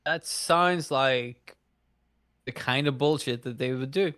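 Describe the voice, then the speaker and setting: A man's voice: mid-range voice, slow, a bit bright, clean tone, dry recording, studio quality. A man co-hosting a casual comics podcast, joking and riffing on ideas. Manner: jokey, puts on mock accents in bits. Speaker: podcast co-host. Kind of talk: casual chat.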